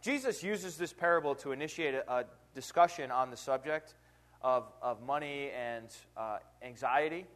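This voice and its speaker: A man's voice: mid-range voice, normal speed, a bit bright. A man preaching an informal Bible lesson in a conversational way, often asking rhetorical questions. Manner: conversational, asks rhetorical questions, frequent "right?"; reads scripture aloud with emphasis.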